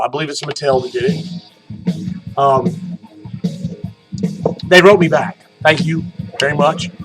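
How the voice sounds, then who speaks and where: A middle-aged man with a high-pitched voice tells a long, rambling story as he hosts his own podcast. He swears freely and breaks into loud outbursts. Faint music plays underneath. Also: low-quality recording. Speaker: podcast host. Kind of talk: casual monologue podcast.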